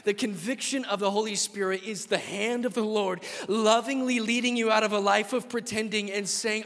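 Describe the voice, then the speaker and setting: A young man preaching a sermon, impassioned, swinging between loud declarations and hushed asides, in a large church. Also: high voice, steady tone, normal speed, hardly any pauses. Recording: long hall reverb.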